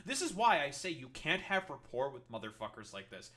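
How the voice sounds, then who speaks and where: A man's voice: medium pitch, big pitch swings, brisk, sharp tone. A man streamer reacting to a clip, ranting in a heated, sarcastic, profane way. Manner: sarcastic, heated, swears constantly.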